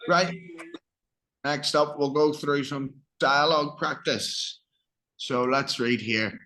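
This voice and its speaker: A man's voice: mid-range voice, slow pace, bright, forceful tone, a little hiss or hum, rough recording. A man teaching an English lesson, who explains phrases, reads practice dialogue and keeps checking that his student understands. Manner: encouraging, checks understanding often.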